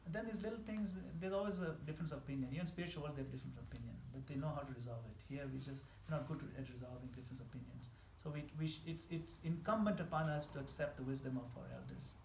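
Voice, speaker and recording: Man lecturing, higher pitch, lively emphatic delivery, roomy hall with faint background hum. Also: very fast, vocal fry, few pauses. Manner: animated, emphatic, laughs at his own examples. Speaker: spiritual teacher giving a scripture class. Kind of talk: scripture class lecture answering questions. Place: temple hall. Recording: echoey hall with faint ambience.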